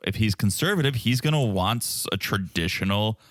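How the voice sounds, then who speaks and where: American guy co-hosting a podcast, deep voice, wry jokey recap, dry mic. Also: expressive, brisk, fairly bright tone, dry recording. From Connecticut, United States. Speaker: podcast co-host. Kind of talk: casual chat.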